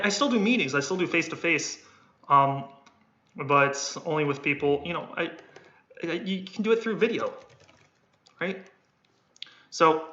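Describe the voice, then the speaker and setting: During a casual livestream, a man coaches people on sales, his voice a little high, bright, and forceful. He rambles and repeats words as he plays out tones of voice, with keyboard typing audible behind him. The sound is dull and lo-fi in an echoey room.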